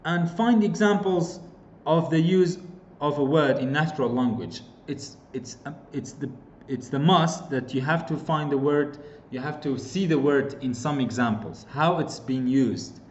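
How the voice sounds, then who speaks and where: A man from the Kurdistan region of Iraq, with a Kurdish accent, teaches an English class online in a voice on the high side. He goes unhurriedly, repeating examples and using lots of fillers. The lo-fi recording sounds roomy and dull, with a little hiss or hum.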